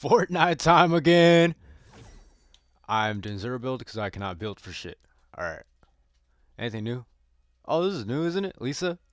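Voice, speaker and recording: A young man giving casual, profane gameplay commentary, often bursting into yells. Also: on the low side, no room sound, clean studio sound. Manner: profane, excitable, bursts into yelling. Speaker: gaming video creator.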